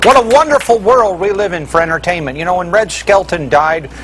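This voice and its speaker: A man hosting a comedic call-in show in a deadpan, pompous showman manner. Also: sits high, brisk, a little hiss or hum, rough recording. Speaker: host.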